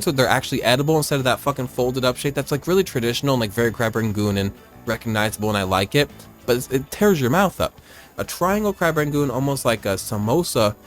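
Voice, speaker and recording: A man hosting a gaming video, rambling in casual chat and swearing freely. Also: medium pitch. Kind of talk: casual let's-play chat.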